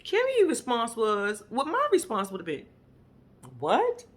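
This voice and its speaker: A woman's voice: a little high, wildly swooping pitch, moderate pace. A woman recapping a reality show in casual chat. She is blunt and swears a lot, and she talks straight to her viewers. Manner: blunt, profane, emphatic storytelling; addresses viewers directly. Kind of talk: casual episode reaction chat.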